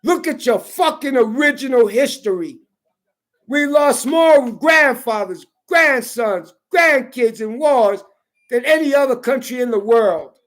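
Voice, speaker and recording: A woman vlogger delivering an angry, profane political rant to camera, taunting and repeating herself, rising to shouts at times. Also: fairly high pitch, lively intonation, a little slow. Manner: profane, confrontational, repetitive taunting.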